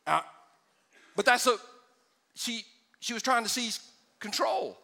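A bright-voiced man preaching with lively storytelling, slipping into quick impressions and jokes. His voice rings out through a large hall with a long reverb tail. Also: very high-pitched, vocal fry. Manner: animated storytelling, acts out voices, joking asides. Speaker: pastor. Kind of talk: sermon.

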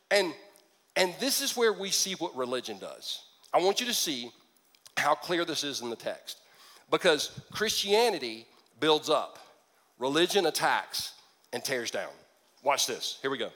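A man preaching a sermon as pastor, telling the story with lively, jokey asides. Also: a little high, moderate pace. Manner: lively storytelling with acted-out quips.

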